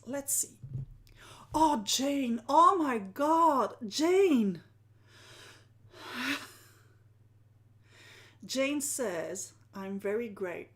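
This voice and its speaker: A woman, a live-streaming art journaling teacher who often sinks into a soft whisper and laughs at herself. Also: mid-range voice. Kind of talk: live-stream talk to viewers.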